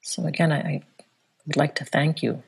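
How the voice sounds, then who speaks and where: A woman's voice: low-pitched, steady tone, moderate pace, vocal fry, slight background noise. A woman interviewer thanking her guest and affirming her with gratitude. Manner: warmly affirming, grateful.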